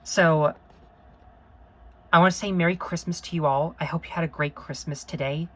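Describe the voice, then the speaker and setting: Lady vlogger w a really deep voice, rambly n emotional, keeps saying sorry. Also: steady tone, normal speed, fairly bright tone, rough recording. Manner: earnest, rambling, apologetic; emotional, gushing. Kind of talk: unscripted review vlog.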